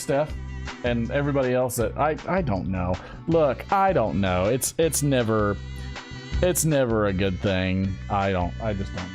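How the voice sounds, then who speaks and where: Male stream host, loose and giggly, bouncy pitched-up voice over faint guitar. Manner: rambling, giggly, talks to chat. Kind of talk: casual live-stream chat.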